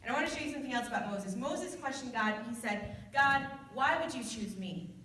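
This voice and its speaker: A woman's voice: fairly high pitch, fairly quick, sharp tone, recorded from a distance, a little hiss or hum. Earnest woman preaching in an echoey room. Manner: earnest and conversational, with frequent restarts. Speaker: youth group speaker. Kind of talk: informal youth sermon.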